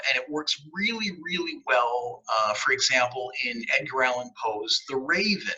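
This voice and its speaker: A man's voice: mid-range voice, sharp tone, slightly rough. A man, teaching poetry in an upbeat, explanatory way and tapping out rhythms aloud. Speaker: poet laureate teaching poetry. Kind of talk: educational video talk. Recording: dull lo-fi recording.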